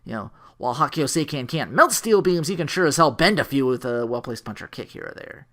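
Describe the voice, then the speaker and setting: A man reviews an old cartoon in a loose, joking ramble, his pitch swinging up and down as he gets into it. He corrects himself mid-sentence and laughs at his own jokes. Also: animated, a little fast, pushed and bright. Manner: rambling, jokey, self-correcting, laughs often. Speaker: anime reviewer. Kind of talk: casual review commentary.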